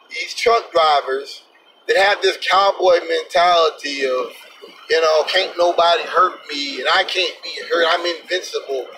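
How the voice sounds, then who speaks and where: A man's voice: sits high, distant mic, background noise. A man vlogging an indignant, emphatic opinion rant with plenty of profanity. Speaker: vlogger, truck driver.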